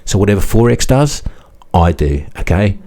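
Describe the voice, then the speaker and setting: A man's voice: on the low side, lively intonation, normal speed, dark tone. A man doing a rambling, hedging crypto advisor. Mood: hedging hype. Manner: hedging, repeats "don't quote me on that". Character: rambling male crypto financial advisor, evasive hype.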